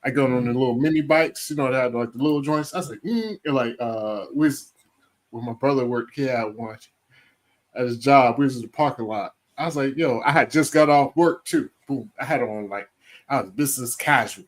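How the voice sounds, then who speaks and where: A man co-hosting a casual live chat show, telling animated stories and acting out other people's voices with lots of laughter. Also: mid-range voice, a little fast. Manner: animated storyteller, acts out voices, laughs often. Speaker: co-host.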